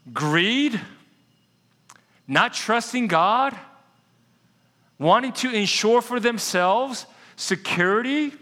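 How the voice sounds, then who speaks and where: A male pastor with a high, ringing voice delivers a sermon as a lively storyteller, slowing down to press his key points. His voice carries a long reverb through a church sanctuary. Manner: animated storyteller, slows down to stress key points.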